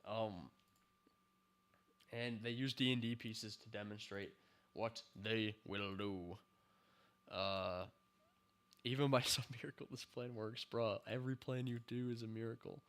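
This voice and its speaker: A man's voice: on the low side, steady tone, a little slow, long pauses, a bit bright. A man reviewing a TV show in a ranting commentary, exasperated, sighing and laughing in disbelief.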